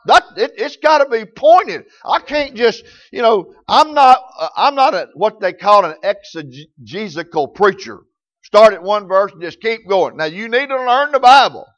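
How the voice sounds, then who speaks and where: A man's voice: high-pitched, expressive, moderate pace, fairly bright tone. A man preaching a sermon, telling folksy stories in rural grammar.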